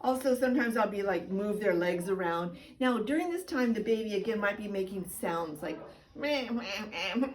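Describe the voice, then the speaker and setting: A woman midwife giving a chatty, playful instructional demonstration, sometimes dropping into high sing-song baby talk. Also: animated, a little fast, few pauses, distant mic, poor audio. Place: indoor room. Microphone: camera mic.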